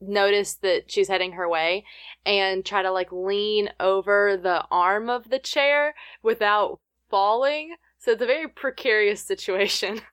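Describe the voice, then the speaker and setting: A woman's voice: mid-range voice, measured pace, a bit bright, clean tone, no echo, clean studio sound. A woman playing in a tabletop game, speaking in a flustered, self-correcting way. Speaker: player. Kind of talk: casual tabletop play.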